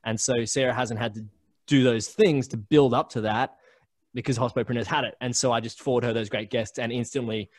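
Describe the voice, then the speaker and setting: A man's voice: mid-range voice, fairly even intonation, fairly quick, dry recording. A young Australian man in a casual remote interview, telling stories with lots of fillers and restarts. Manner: chatty storyteller with many fillers and restarts. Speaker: podcast network founder, guest. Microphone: remote call recording.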